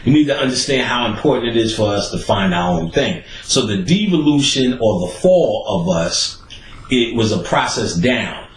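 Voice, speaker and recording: A man talks in a loose, profane rant, and his pitch swings widely as he drives his points home. He breaks into short laughs between thoughts. The room sounds echoey, with faint ambience behind him. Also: slight background noise. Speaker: host. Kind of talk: casual ranting monologue. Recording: roomy echo, faint background ambience.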